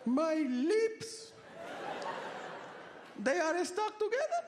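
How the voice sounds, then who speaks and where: A man playing his elderly mother, high and paranoid, speaking dramatically and spacily. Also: big pitch swings, extremely slow, very noisy, exaggerated voice. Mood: spaced out. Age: 70s. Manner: dramatic, spacey and pleading.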